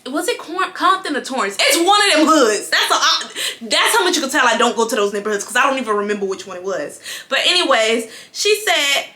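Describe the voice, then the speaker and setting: Young woman vlogger, bright and high, animated storyteller, echoey room. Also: a little fast. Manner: animated, addresses viewers as y'all. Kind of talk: casual storytime.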